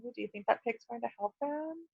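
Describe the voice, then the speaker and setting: A woman's voice: on the high side, creaky, breathy edge. Woman teacher reading aloud to kids. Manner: pauses to ask questions and explain. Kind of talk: reading a picture book aloud to students. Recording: dull lo-fi recording.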